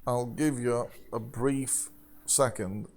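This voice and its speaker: A man's voice: mid-range voice, fairly even intonation, takes it slowly, darkish tone. A man narrating as game master of a tabletop game, playful and laughing often.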